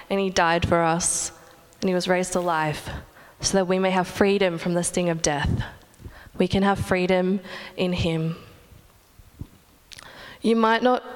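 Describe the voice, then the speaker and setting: A young woman preaching a sermon in an earnest, measured way, with reflective pauses. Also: fairly low pitch, smooth, in a large hall.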